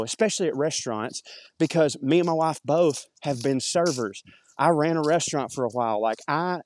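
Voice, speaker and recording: A man's voice: mid-range voice, dry recording. A man with a thick Southern US accent, rambling in a chatty, self-deprecating way as a podcast host while walking outdoors in the woods. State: slightly out of breath walking uphill. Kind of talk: rambling monologue.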